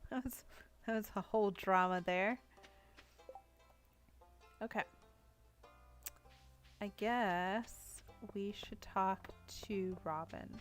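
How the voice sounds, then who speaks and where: Faint music plays behind a young woman streaming a cozy farming game, who talks slowly at a medium pitch with a steady tone and pauses often. She chats casually with viewers, often giggling as she reads their messages aloud.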